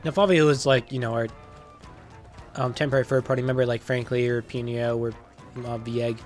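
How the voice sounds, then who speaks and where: A man giving relaxed, joking commentary over a video game, with casual fillers. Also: mid-range voice, brisk, soft background music. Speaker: let's play host.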